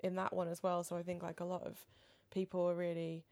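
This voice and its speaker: Lower-voiced woman musing casually. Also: completely flat delivery, fast. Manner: thoughtful, rambling, trails off quietly. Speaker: podcast co-host. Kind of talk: casual chat. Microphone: studio microphone.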